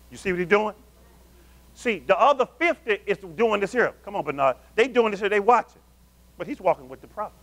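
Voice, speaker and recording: High-pitched animated preacher man. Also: fairly quick. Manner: animated call-and-response preaching, addresses the congregation as family. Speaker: pastor. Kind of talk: sermon.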